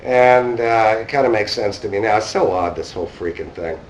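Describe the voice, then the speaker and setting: A man's voice: fairly low pitch, brisk, a little hiss or hum. New man telling a rambling story. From New York. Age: 50s. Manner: rambling, casual, acts out quoted dialogue. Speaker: conference speaker. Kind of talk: anecdotal storytelling talk. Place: conference hall. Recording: distant mic in a hall.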